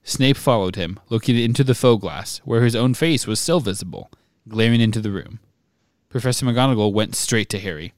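A man co-hosting a podcast, reading a novel aloud with steady expression and breaking off to chat and laugh. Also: lowish voice, normal speed, no room sound, clean studio sound.

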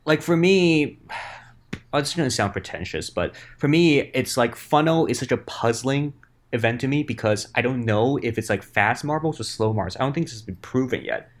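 A man's voice: mid-range voice, animated, moderate pace. A young man co-hosting a podcast, chatting casually with teasing, dry humor. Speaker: podcast co-host. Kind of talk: casual chat.

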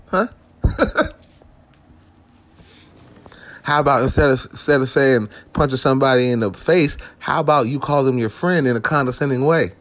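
A man's voice: medium pitch, fairly bright tone. A man ranting to the camera in a profane comic vlog, with lots of swearing, restarts and asides. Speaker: vlogger.

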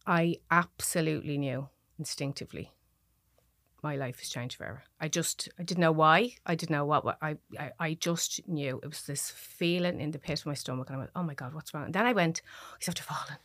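Speaking as a podcast guest, a middle-aged Dublin woman shares a personal story in halting, emotional bursts full of restarts. Her low, dry-sounding voice has a fairly bright tone, captured in a close, dry recording with no room sound.

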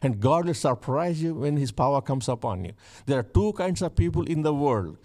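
A man's voice: a little high, expressive, normal speed, darkish tone. A male pastor preaching a fervent sermon, repeating key phrases for emphasis.

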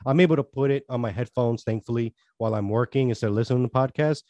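Male podcast co-host, mid-pitched, dry close sound, rambling and earnest in casual chat. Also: rapid-fire, darkish tone, dry recording, highs cut off.

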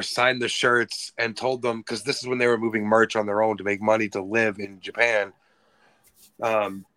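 A man's voice: on the low side, sharp tone. A man co-hosting a wrestling podcast, telling a loose anecdote in casual chat. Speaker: podcast co-host.

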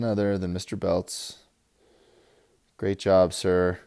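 Gravelly, crude fantasy football guy. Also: low-pitched, flat delivery, a little slow, long pauses. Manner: crude, rambling, swings from loud hype to mumbling. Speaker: fantasy football league player. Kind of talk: profane casual recap.

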